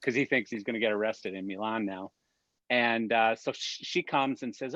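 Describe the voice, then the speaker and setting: A man telling a story in an animated, rambling way with many restarts, on a video call from home. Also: lowish voice, moderate pace, no echo, muffled recording. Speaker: production industry guest. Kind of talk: casual storytelling.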